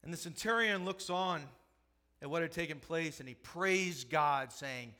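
A middle-aged man, a pastor, preaching a sermon, moving from hushed storytelling to loud, impassioned preaching. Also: a little high, slow pace.

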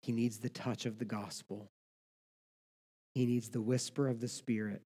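A man from the United States preaching a sermon as pastor, swinging from loud emphatic lines to hushed ones. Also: mid-range voice, little pitch movement, normal speed, breathy edge. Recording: long hall reverb.

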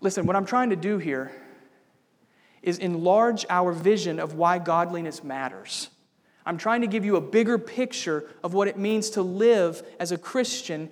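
A man's voice: high-pitched, moderate pace. A man preaching a sermon as pastor, building to bold, emphatic declarations. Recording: long reverb of a church hall.

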